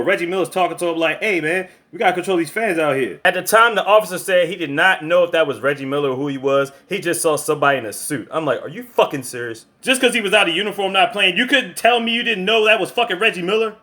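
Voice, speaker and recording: Fast, bright-voiced young man ranting. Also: fairly high pitch. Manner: profane, animated, acts out reactions. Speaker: video reviewer. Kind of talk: casual recap with commentary.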